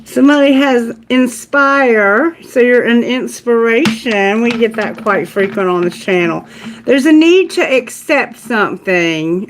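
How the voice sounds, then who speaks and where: A fairly high-voiced woman doing a live tarot reading, unhurried and chatty. She laughs easily and talks straight to spirit and to her candle as she goes. She is middle-aged and casual. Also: a little hiss or hum. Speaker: tarot reader.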